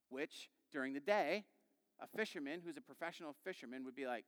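A man in his thirties gives a sermon in a chatty, storytelling manner, slipping into little quoted voices. His voice sits fairly high and comes through smooth and resonant. The sound rings with the long reverb of a big hall. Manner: conversational, animated storytelling with quick quoted voices. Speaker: pastor.

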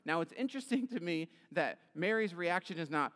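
A man's voice: fairly high pitch, expressive, fairly quick, a bit bright. A man preaching an Easter sermon as pastor, retelling scripture in a casual, conversational way with fillers. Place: church sanctuary. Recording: long hall reverb.

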